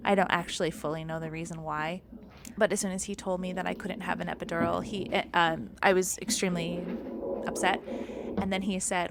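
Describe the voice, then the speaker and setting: A woman's voice: lowish voice, little pitch movement, brisk, creaky. Woman telling her story over background noise. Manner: candid, laughs through the story. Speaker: podcast host. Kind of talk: personal storytelling.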